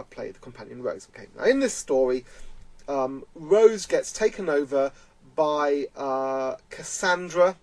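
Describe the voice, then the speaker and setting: A man's voice: mid-range voice, creaky, no room sound, poor audio. A man giving earnest, emphatic spoken commentary, repeating his points as he explains. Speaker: vlogger.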